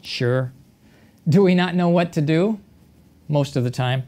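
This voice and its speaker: A pastor delivers a sermon at an even, unhurried pace. The speaker leans on rhetorical questions and repeats key phrases for emphasis. The voice sits in a middle pitch.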